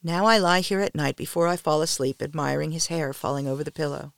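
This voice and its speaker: A woman podcast storyteller reading a first-person story in a soft, intimate manner, often near a whisper, with a gravelly voice. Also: low-pitched, fairly even intonation, fast talker, no room sound, studio quality.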